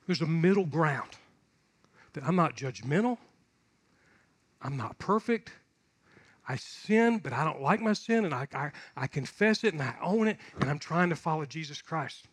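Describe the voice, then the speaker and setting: A man's voice: on the high side, animated, moderate pace, long pauses, slightly rough. A male pastor preaching a sermon, moving from conversational storytelling to emphatic, repetitive exhortation.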